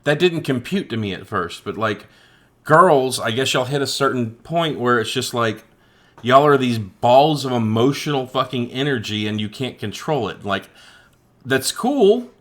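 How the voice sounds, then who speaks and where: A man in mid-range pitch co-hosting a loose movie chat. He rambles through restarts and drops casual swears as he thinks out loud. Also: expressive, unhurried. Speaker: co-host.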